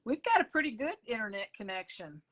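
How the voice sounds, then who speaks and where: A woman's voice: a little high, big pitch swings, a little fast, breathy edge, lo-fi sound. A woman, a coloring book author, chatting casually over a phone video call and telling stories with plenty of fillers. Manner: rambling storyteller with many fillers.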